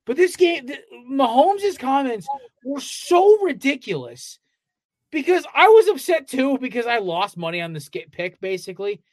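A man's voice: extremely high pitch, very animated, normal speed, no echo. A man co-hosting a casual sports podcast, ranting in a fired-up way with heavy swearing. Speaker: podcast co-host.

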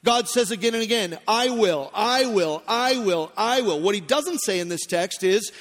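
A man's voice: sits high, animated, moderate pace, few pauses, fairly bright tone. A man preaching a sermon with emphatic, repetitive phrasing, often asking the audience questions. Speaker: pastor. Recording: long reverb from a hall.

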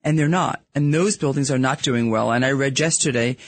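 A man's voice: medium pitch, brisk, dry recording. A middle-aged man with a Brooklyn accent, speaking as a guest on a radio show in a candid, chatty way. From New York. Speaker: guest, real estate podcaster. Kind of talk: casual radio interview chat. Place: radio studio.

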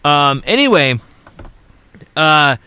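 A man co-hosting a wrestling podcast, recapping a show in a rambling, halting way full of fillers and restarts. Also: a little high, big pitch swings, bright, forceful tone, clean tone. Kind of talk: casual chat.

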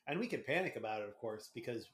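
A man's voice: medium pitch, very animated, quick pace, a little hiss or hum. A man co-hosting a casual sports podcast, talking in a wry, joking way. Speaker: podcast co-host. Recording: roomy echo.

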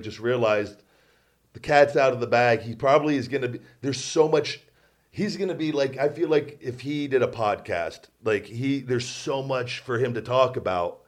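A man hosting a podcast in casual chat, sarcastic and self-deprecating, rambling with many restarts. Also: mid-range voice. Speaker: podcast host.

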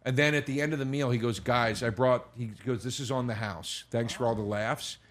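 A man's voice: mid-range voice, steady tone, a little fast, a bit bright. A man telling stories in a casual podcast chat, acting out dialogue and swearing freely. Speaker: guest comedian.

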